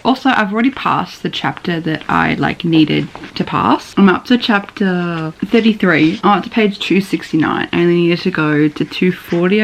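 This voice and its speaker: A young woman chatting casually in a reading vlog, reacting excitably with laughs, gasps and swearing. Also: lowish voice, vocal fry, a little hiss or hum, rough recording. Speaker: booktuber.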